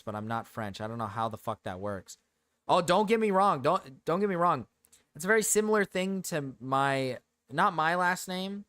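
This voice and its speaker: A man's voice: medium pitch, a bit bright, clear, resonant tone, no echo. A man chatting live on a stream in an ordinary mid-range voice, recorded dry and close. He rambles and repeats himself in joking, profane rants. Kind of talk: casual live-stream chat.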